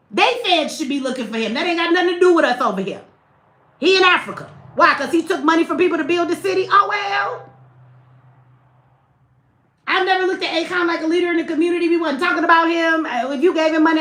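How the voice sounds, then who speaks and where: A woman's voice: very high-pitched, fairly bright tone, reverberant. Blunt, profane woman livestreamer. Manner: blunt, profane, talks straight to chat. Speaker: livestream host. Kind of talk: livestream commentary.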